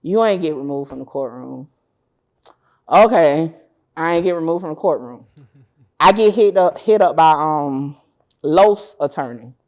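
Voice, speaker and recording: A woman's voice: deep voice, unhurried, long pauses. A woman in an interview seat tells a long story in a loose, casual way. She swears freely and slips into the voices of the people she is quoting, giving the tale an acted-out feel. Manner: animated, acts out dialogue, swears freely. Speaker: interview guest, court-case content creator.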